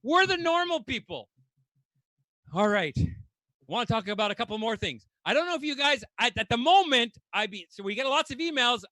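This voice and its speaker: A man doing stand-up, with a very high, bright, forceful voice. He rants in exasperation and swears freely. The sound is dry and close. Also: expressive, fairly quick, no echo. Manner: exasperated, ranting delivery; swears casually. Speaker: stand-up comedian. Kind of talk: stand-up comedy set.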